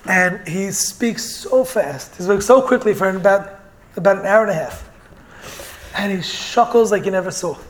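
A man delivers an earnest Torah lecture in a strikingly high voice. He slips Hebrew and Yiddish terms into his English as he explains verses and tells stories. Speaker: Torah teacher.

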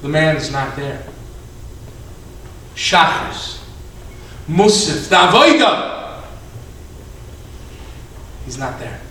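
A man rabbi telling a story in a sermon, acting out the characters and moving from shouts to hushed tones. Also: mid-range voice, slow pace, long pauses, a little hiss or hum. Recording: echoey hall, from a distance.

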